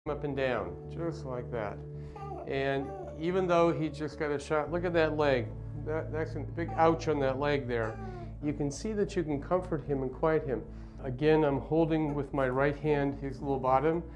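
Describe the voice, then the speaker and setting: Middle-aged male pediatrician, calm instructional demo, slightly high voice, faint background music. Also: moderate pace. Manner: gentle, reassuring, plain explaining. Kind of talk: demonstration with instructions to parents.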